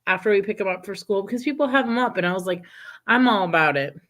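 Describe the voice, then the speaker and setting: A woman's voice: medium pitch, lively intonation, quick pace, a bit bright. Chatty woman telling stories with laughs. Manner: chatty storyteller, laughs often. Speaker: podcast co-host. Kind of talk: casual chat.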